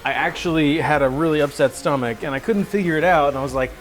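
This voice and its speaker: A man's voice: on the high side, fast, faint music behind. A young man hosting a cooking livestream from his home kitchen, joking with viewers in a goofy, self-mocking way. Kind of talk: casual cooking livestream chat.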